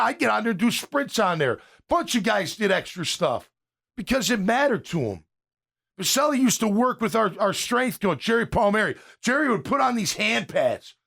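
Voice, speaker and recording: A man in his fifties with a high voice hosts a casual sports talk show. He rants in a fired-up way, often starting his sentences over as he goes. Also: gravelly, a bit bright. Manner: fired-up, ranting, with frequent restarts. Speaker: podcast host and former pro linebacker.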